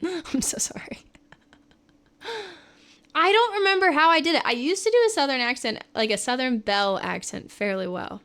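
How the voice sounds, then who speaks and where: A woman's voice: high voice, moderate pace, pauses often, fairly bright tone, clear, resonant tone. A woman from California, a livestreamer and singer, chatting casually with viewers in a rambling way and laughing often.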